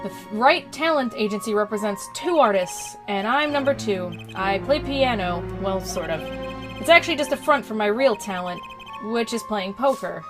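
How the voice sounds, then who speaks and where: A woman's voice: mid-range voice, animated, moderate pace, lightly acted. A woman voicing a wry young male defense attorney with dry narration. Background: game music.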